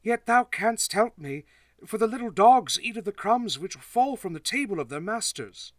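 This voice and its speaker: A man voicing a desperate Canaanite mother who begs for help, his voice raised high and imploring. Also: expressive, normal speed, dry recording. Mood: beseeching.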